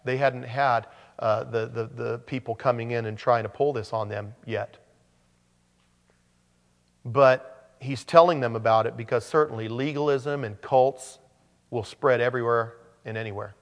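Animated man preaching in a reverberant hall. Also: medium pitch, a little slow. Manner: animated, joking asides with restarts. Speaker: pastor. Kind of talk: sermon.

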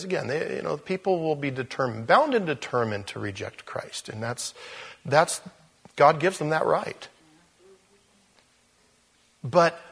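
Husky-voiced man preaching a sermon. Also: on the high side. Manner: animated, repeats words, speaks to the crowd directly. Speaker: pastor.

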